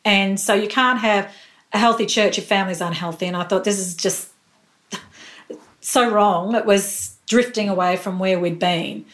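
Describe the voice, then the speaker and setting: A woman's voice: mid-range voice, steady tone, brisk, a bit bright. Candid, emotional woman telling her story. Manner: emotional, tearful at moments, candid. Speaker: pastor's wife, interview guest. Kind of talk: personal faith story in an interview.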